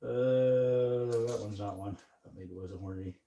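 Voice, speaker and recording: Young male streamer, congested and sniffling, relaxed casual chat in an ordinary mid-range voice. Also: mid-range voice, normal speed, a little hiss or hum. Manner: easygoing, reads chat aloud and answers. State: stuffed-up nose, sniffling. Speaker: livestream host. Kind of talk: casual livestream chat while working.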